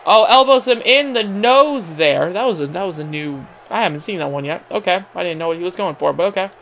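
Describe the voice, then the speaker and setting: High-voiced young man calling wrestling. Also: lively intonation, brisk, fairly bright tone, slight background noise. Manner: mock announcer tone with laughing asides. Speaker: game commentator. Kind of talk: casual play-by-play wrestling commentary.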